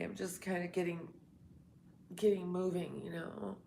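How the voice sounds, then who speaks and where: A woman's voice: fairly low pitch, little pitch movement, unhurried, vocal fry, darkish tone. A woman live streaming a casual morning chat to her viewers. She has just woken up, her voice sounds congested as if she has a cold, and she rambles, laughs often and swears.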